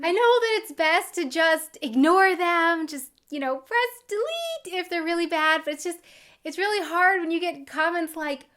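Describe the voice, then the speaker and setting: A young American woman talking casually to her camera as a vlogger, earnest and quick to laugh. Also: very high voice, animated, a bit bright. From United States.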